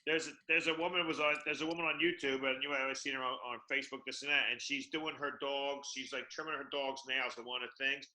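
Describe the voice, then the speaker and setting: A man's voice: medium pitch, steady tone, fast talker, few pauses, pushed and bright, poor audio. A man in an improv class casually telling a rambling anecdote.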